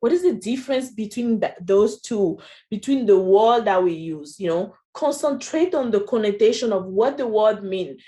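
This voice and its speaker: A woman's voice: mid-range voice, lively intonation, normal speed, dark tone. A woman with a French accent presenting a training session in a chatty way, often adding "you know" and "right?". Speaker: workshop presenter.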